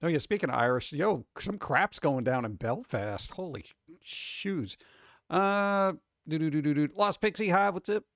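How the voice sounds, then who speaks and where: A man's voice: on the high side, lively intonation, moderate pace, no room sound, clean studio sound. A man streaming live, rambling casually and greeting chat viewers one by one.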